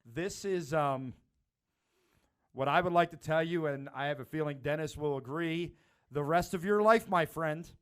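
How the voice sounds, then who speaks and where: A man's voice: fairly high pitch, moderate pace, smooth. A man co-hosting a podcast, giving mock-serious advice in a teasing, lecturing way. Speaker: podcast co-host. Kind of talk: casual podcast banter.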